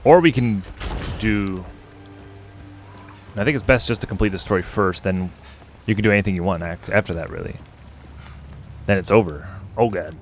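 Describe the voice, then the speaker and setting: A man's voice: fairly low pitch, normal speed, pauses often, soft background music. A man streaming a co-op game, chatting casually and rambling to his co-player while he plays. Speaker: gaming streamer. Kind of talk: casual gameplay commentary.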